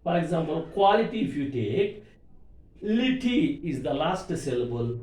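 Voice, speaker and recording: A man lectures on word stress, spelling suffixes letter by letter. His voice sits a bit high and swings widely in pitch, and he talks slowly. The room around him is echoey. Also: big pitch swings, a little mellow. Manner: repetitive, spells words letter by letter; addresses listeners as "my dear students". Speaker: English teacher.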